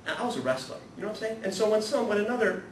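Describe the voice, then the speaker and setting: A man giving a humorous, animated spiritual talk to a live audience, acting out the people in his stories and swinging from hushed to loud. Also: high-pitched, very fast. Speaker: guest speaker at a spirituality talk series. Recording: echoey room, voice from far off, audible noise.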